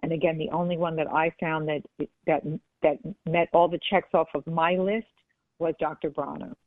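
A woman's voice: low voice, fairly even intonation, moderate pace, dry recording. A woman guest talking casually and earnestly in an interview, often restarting her sentences. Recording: tinny phone line.

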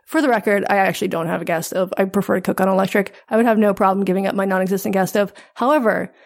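A woman co-hosting a podcast in casual chat, with a deadpan, sarcastic delivery. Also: medium pitch, racing, vocal fry. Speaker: podcast co-host.

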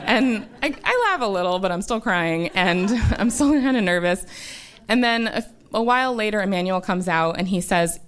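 Woman telling a story, gravelly edge. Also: mid-range voice, normal speed. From United States. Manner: earnest and conversational, with many "um" and "like" fillers. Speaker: doctor telling a personal story on stage. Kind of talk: live first-person storytelling. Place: small live-show stage before an audience.

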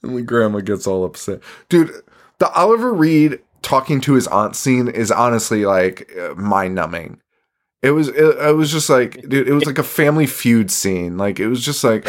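A man's voice: fairly low pitch, expressive, normal speed. A man hosting a podcast, recapping a movie in casual chat, swearing a lot, laughing often and rambling. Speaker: podcast host.

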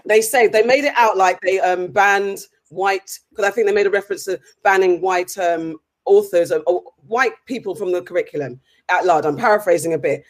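A woman's voice: mid-range voice, moderate pace. A woman talking with real heat on a casual discussion show. She speaks in a mid-range voice, breaks off and restarts her thoughts, and apologizes as she gathers her points. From United Kingdom. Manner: impassioned, restarts and apologizes while recalling points. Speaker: podcast co-host.

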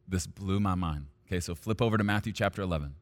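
A male pastor preaching a sermon, at times rising to loud, high-pitched intensity. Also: fast talker.

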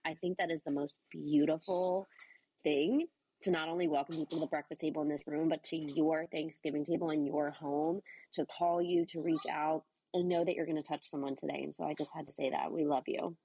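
A woman's voice: low-pitched, steady tone, fairly quick, warm tone, breathy edge, no room sound, low-quality recording. A woman breaking in to praise the speaker, effusive and admiring. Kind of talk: warm spontaneous praise.

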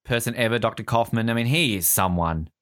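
This man's mid-range voice moves fast over clean studio audio with no room sound as he co-hosts a movie commentary podcast. Animated and quick to laugh, he often quotes film lines in put-on voices.

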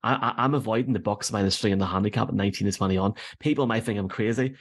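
Fast-talking man hosting sports chat. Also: on the low side. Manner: rapid and upbeat, runs segments. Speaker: podcast host.

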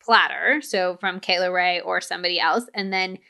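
A woman's voice: lowish voice, normal speed, vocal fry, pushed and bright. A woman hosting a podcast, chatting casually and enthusiastically about gift ideas, often laughing. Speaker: podcast host.

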